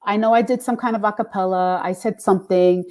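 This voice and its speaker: A woman's voice: mid-range voice, quick pace. A middle-aged woman, a singer and radio DJ, telling stories in a casual interview and acting out the voices she quotes. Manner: animated, acts out quoted voices with laughs.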